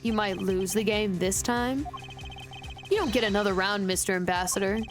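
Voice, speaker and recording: A woman reading the lines of a composed male prosecutor in a video game, formal and measured, over game music. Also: medium pitch, close to an everyday voice. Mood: confident. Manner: measured, formal courtroom delivery.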